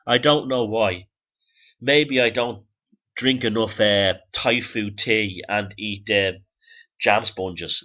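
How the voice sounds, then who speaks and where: A man rambling through a profane, low-key monologue as a podcast host. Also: pushed and bright, dull audio.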